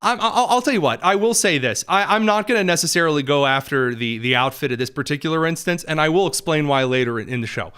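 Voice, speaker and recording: A man hosting a political commentary show, talking in a quick, mocking way with jokey asides. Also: a little high, lively intonation, fairly bright tone, clean tone. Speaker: host.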